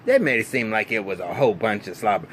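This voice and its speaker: A man, recapping a TV episode in a casual, animated, profane way full of fillers and restarts. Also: on the low side, fast talker, a little hiss or hum. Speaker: TV recap vlogger.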